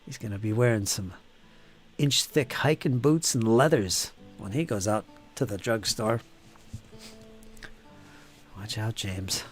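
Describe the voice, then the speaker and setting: A man's voice: lowish voice, slow pace, long pauses, soft background music. A man hosting a live painting stream, chatting casually and teasing viewers as he reads their comments aloud. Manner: joking, teasing chatter with frequent laughs.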